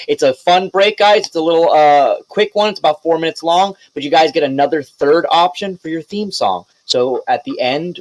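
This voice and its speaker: A man's voice: mid-range voice, dry recording, rough recording. A man narrating as game master of a tabletop game, casual and loose, swearing and laughing now and then.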